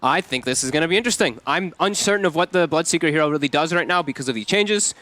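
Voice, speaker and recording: Fast-talking male esports caster. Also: a little high. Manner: quick, excitable, analytical, laughs at own jokes. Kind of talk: esports commentary.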